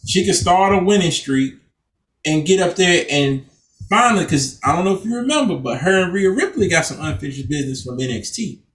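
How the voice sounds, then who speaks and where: A man's voice: high voice, lively intonation, fairly quick, fairly bright tone, recorded from a distance. A man co-hosting a casual podcast, talking loosely and cursing as he acts out quotes. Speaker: podcast co-host. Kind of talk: casual chat. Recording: echoey room, off-mic.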